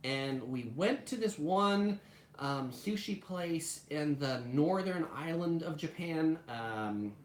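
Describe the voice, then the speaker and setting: A travel channel host speaks in a deep voice with lively intonation and a slow pace, and her audio sounds reverberant. She's running a casual live stream about food, chatting away and leaning heavily on "like" as a filler.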